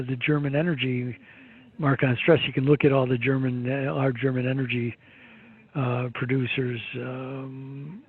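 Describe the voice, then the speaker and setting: A man's voice: mid-range voice, breathy edge. A man giving rambling, opinionated market commentary, full of fillers and restarts. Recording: tinny phone-like line.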